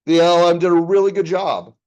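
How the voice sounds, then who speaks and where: A man's voice: high voice, fairly even intonation, a little fast, a little mellow, highs cut off. A man, an accounting professor, giving a casual classroom lecture and reading chatbot replies aloud with his own comments.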